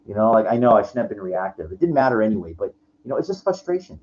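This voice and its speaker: A man in his forties with a lowish voice vents in a rambling, profane personal rant. He restarts his sentences again and again, and the recording is lo-fi with faint noise underneath. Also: sing-song, racing, darkish tone. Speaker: vlogger. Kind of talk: frustrated personal rant to camera.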